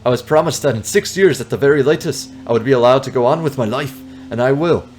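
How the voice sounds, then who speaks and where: A man voicing an eager Soviet man trapped in an alien body, in a deliberately bad Russian accent. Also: mid-range voice, darkish tone, soft background music, voice pushed up, close to an everyday voice. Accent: exaggerated fake Russian. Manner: eager, earnest.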